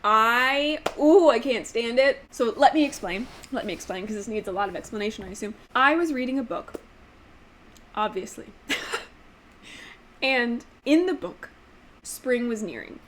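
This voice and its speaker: Animated young woman ranting about books. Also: normal speed, pauses often, slight background noise. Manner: animated, exasperated ranting with sudden pitch jumps. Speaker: book vlogger. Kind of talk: casual chat.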